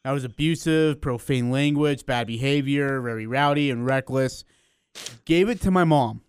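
Smooth-voiced man radio co-host. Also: medium pitch, moderate pace, dry recording. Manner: playful, recounts pranks with acted quotes. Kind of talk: casual radio banter. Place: radio studio. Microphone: studio microphone.

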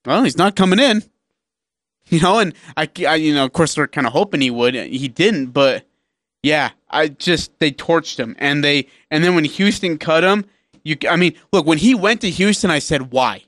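A man co-hosting a sports radio show, telling game stories in a lively, casual way. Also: on the high side, moderate pace, no echo. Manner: animated storytelling, acts out players.

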